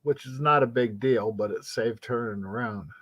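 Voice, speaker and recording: A man's voice: mid-range voice, moderate pace, a bit bright, no room sound, dull audio. A man visiting a friend and chatting casually, telling folksy road-trip stories. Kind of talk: casual chat.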